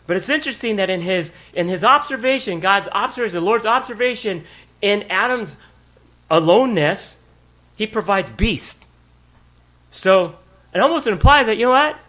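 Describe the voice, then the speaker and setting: A man's voice: sits high, bright, forceful tone. A male pastor preaching a sermon, emphatic and conversational, repeating key words and putting questions to the congregation. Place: church.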